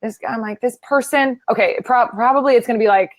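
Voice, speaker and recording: A woman's voice: on the high side, fairly quick, no echo. A woman guest, a yoga teacher, chatting casually and playfully acting out her own inner voice. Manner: animated, self-deprecating, acts out her inner voice. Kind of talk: casual interview chat.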